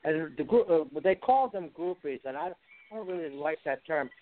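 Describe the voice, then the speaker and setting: A man in his seventies, from Canada, talks as a guest musician on a radio interview in a fairly high voice. He is chatty and teasing, telling old stories, and his voice comes over a thin phone-like line. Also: expressive, moderate pace. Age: 70s.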